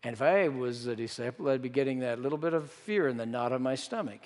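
A man's voice: mid-range voice, animated, quick pace, darkish tone. A man preaching a sermon, telling a story and acting out the disciples' voices. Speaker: pastor. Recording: reverberant hall.

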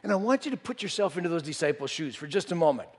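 A man's voice: fairly high pitch, animated, rapid-fire, breathy edge. A man preaching a sermon, telling a story and acting out the disciples' voices. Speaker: pastor. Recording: reverberant hall.

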